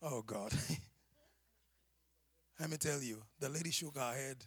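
A man with a Kenyan accent, a preacher giving a personal testimony with dramatic storytelling that swings from hushed to shouting. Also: mid-range voice, takes it slowly, slightly rough, dry recording.

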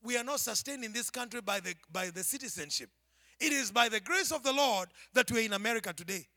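A man preaching a sermon to his church, swinging from shouted climaxes to hushed, near-whispered asides. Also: extremely high pitch, animated, fast talker, dry recording, clean studio sound.

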